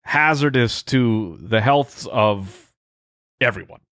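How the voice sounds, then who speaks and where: A man's voice: mid-range voice, takes it slowly, a bit bright, no echo, clean studio sound. A man co-hosting a comedy podcast, teasing his friends in a wry, casual way. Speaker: podcast co-host.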